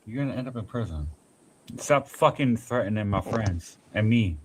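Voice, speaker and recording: A man's voice: on the low side, expressive, moderate pace, noisy background. A man in a heated casual chat, swearing and exasperated, talking over others. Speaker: stream participant.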